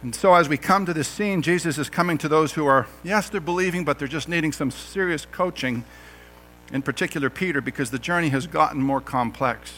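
A middle-aged man preaching with a high, bright, forceful voice. He keeps it conversational, asking rhetorical questions and slipping in jokes. Soft music plays faintly behind him. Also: brisk. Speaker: pastor. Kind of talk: sermon.

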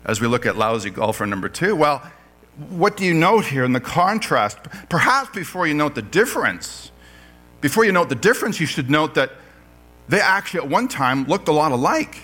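A man's voice: fairly high pitch, big pitch swings, moderate pace, pushed and bright, soft background music. A man preaching a sermon in church, reading scripture aloud and joking with his congregation. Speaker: pastor.

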